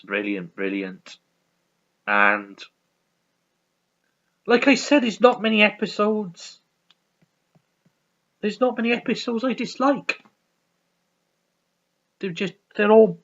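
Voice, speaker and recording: A man with a high-sitting voice hosts his own video, recorded with a muffled sound. He chats casually and enthusiastically about a favourite comedy, repeating himself and swearing freely.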